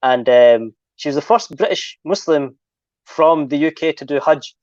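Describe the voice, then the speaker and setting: A man chatting on an online show, speaking hesitantly with many pauses and ums. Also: fairly high pitch, darkish tone, dry recording, muffled recording. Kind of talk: casual online chat.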